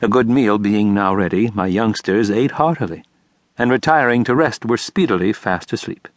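A man narrating an audiobook in a measured, expressive storytelling manner. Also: on the low side, dry recording. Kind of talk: scripted narration.

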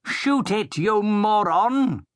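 A man's voice: medium pitch, expressive, slow, a bit bright, no echo, studio quality, heavily acted. A male audiobook narrator voicing a domineering villainous baron who barks orders and insults. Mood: shouting.

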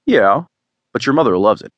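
A man's voice: mid-range voice, expressive, normal speed, no room sound, dull audio, close to an everyday voice. A male audiobook narrator voicing a teasing, boastful middle-aged father who is a tech expert. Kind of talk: audiobook dialogue.

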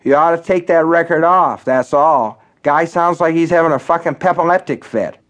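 A drunk, belligerent barfly with a voice pushed higher and louder than normal, all grievance and demands, as a man reading an audiobook acts him out. He sounds self-pitying and quick to anger. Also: lightly acted. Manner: loud, aggrieved, demanding. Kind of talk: audiobook character voice.

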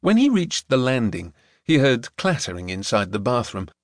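A medium-pitched male voice narrates a novel as an audiobook reader, following a script with a measured, expressive delivery. There's no echo, and the sound is studio quality.

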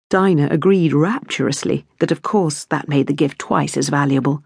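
A woman narrating an audiobook novel in a measured, expressive storytelling manner, on a close studio mic in a recording booth. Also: low-pitched, gravelly, breathy edge, dry recording. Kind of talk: scripted narration.

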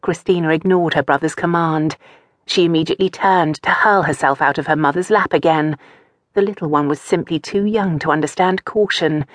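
A woman narrating an audiobook novel in a calm, measured storytelling manner. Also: low voice, dry recording, clean studio sound. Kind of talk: scripted narration.

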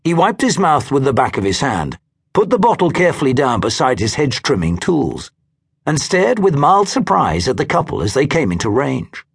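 A man's voice: mid-range voice, very animated, normal speed, gravelly, breathy edge. A man narrating an audiobook with a dry storytelling manner.

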